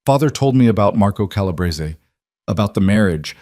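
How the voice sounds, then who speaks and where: A man's voice: fairly low pitch, animated, a little fast, darkish tone, no room sound, clean studio sound, lightly acted. A man voicing a frightened, pleading younger sister in a spoken story. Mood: desperate. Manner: pleading, breaking. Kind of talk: audiobook storytelling.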